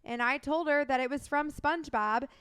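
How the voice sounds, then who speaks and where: A young woman co-hosting a podcast, chatting casually as an animated storyteller who laughs often. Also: high voice, normal speed, dry recording. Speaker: podcast co-host. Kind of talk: casual chat.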